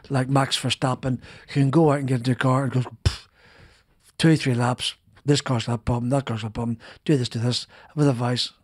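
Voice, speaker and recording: Rambling middle-aged former racing driver, dry studio. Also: male voice, medium pitch, a little mellow, no echo. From Northern Ireland. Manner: rambling, frequent restarts and repeated words. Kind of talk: casual interview storytelling. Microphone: studio podcast mic.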